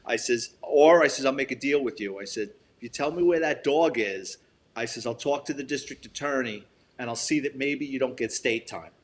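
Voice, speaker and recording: A retired police detective, now an older man, guests on a storytelling interview at a moderate pace and medium pitch. He's blunt and profane and acts out the dialogue he quotes, with slight background noise present.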